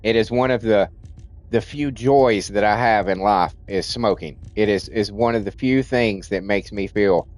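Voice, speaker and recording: A man's voice: fairly low pitch, a little slow. A man streaming a game, venting in a rambling rant full of restarts and swearing, and in nicotine withdrawal. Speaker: livestream gamer.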